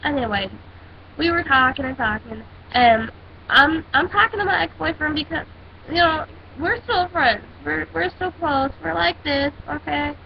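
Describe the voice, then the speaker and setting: A woman's voice: high-pitched, unhurried, vocal fry. A teenage girl ranting in a casual vlog, telling a story in a sassy, dramatic way. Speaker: vlogger. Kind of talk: casual rant. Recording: dull lo-fi with faint hiss.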